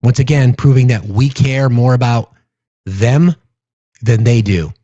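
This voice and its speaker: A man's voice: mid-range voice, unhurried, warm tone, dry recording, lo-fi sound. A man giving a casual political rant to his viewers, sarcastic, mocking and profane. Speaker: political commentator.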